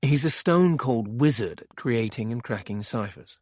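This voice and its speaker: A man doing a sly, jovial crime boss in an audiobook thriller. He teases and banters with cheerful menace. The voice sits at a middling pitch and sounds dry and close. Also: expressive, normal speed, darkish tone, dry recording, close to an everyday voice.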